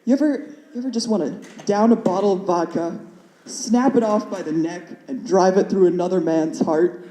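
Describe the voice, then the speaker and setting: A woman's voice: lowish voice, moderate pace, reverberant, slight background noise, close to an everyday voice. A woman voicing a gloomy, bitter middle-aged male driving teacher who speaks bluntly and curtly. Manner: blunt, deadpan, curt.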